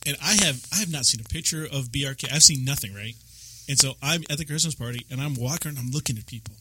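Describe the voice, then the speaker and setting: A man's voice: mid-range voice, fast, slight background noise. A man telling a story in a casual chat, laughing often. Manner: animated storytelling with frequent laughs.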